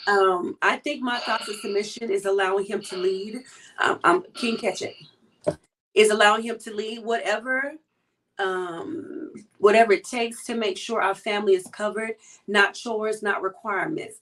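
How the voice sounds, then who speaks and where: A woman's voice: medium pitch, a little slow, distant mic. A woman co-hosting a casual chat show, reading viewer comments and teasing her co-host. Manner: lively, teasing, talks to the audience.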